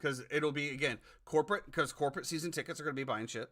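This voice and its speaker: Emphatic, bright-voiced male sports podcaster. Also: fairly high pitch, quick pace. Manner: emphatic, indignant, repeats his points. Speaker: podcast co-host. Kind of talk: casual sports talk.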